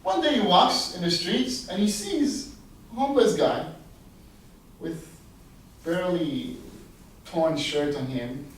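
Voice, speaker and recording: A rabbi with a high voice tells a parable to his listeners in a relaxed, chatty way. He is recorded from far off, with heavy reverb from a large hall. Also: takes it slowly, long pauses, a little hiss or hum. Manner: animated, conversational storytelling with asides. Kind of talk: storytelling sermon. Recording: very echoey, distant mic.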